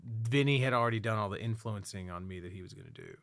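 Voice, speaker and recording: A man's voice: fairly low pitch, fast talker, gravelly, dry recording. A man co-hosting a podcast in casual chat, loose and swearing often. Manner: loose, swears a lot, many fillers. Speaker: podcast co-host.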